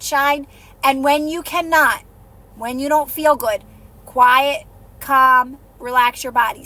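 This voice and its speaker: Woman, high voice, live-stream coach, soothing and repetitive, softens her voice for calming cues. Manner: soothing, repetitive, encouraging, drops softer when guiding calm. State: out of breath. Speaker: livestream host and manifestation coach.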